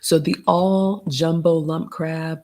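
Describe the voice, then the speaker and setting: Slightly raspy chatty woman. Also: low-pitched, steady tone, slow pace, a little mellow. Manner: chatty, gives etiquette tips, addresses viewers as y'all. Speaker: host of a live stream reviewing a restaurant menu. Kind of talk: casual live-stream chat.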